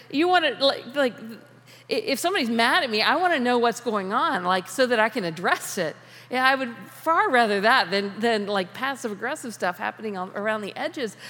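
A woman's voice: fairly high pitch, a bit bright. A woman giving a conversational sermon on prayer, talking informally, restarting phrases and laughing often. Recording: long reverb of a large hall.

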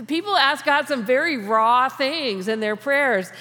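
Woman preacher, kinda high voice, chatty and laughy, big echoey hall sound. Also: expressive, measured pace, few pauses, bright, forceful tone. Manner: chatty, laughs often, frequent restarts. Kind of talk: conversational sermon. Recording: long reverb of a large hall.

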